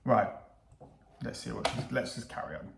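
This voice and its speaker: A man's voice: lowish voice, lively intonation, moderate pace, creaky, noisy background. A man casually reacting to news clips, sarcastic, swearing and laughing at his own jokes. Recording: echoey room.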